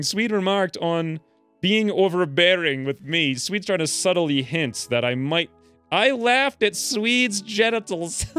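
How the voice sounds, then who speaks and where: A man's voice: high-pitched, measured pace. Joking man narrating gameplay, light music. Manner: joking, animated, voices his dwarf's rants. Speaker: let's play host. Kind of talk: casual gameplay commentary.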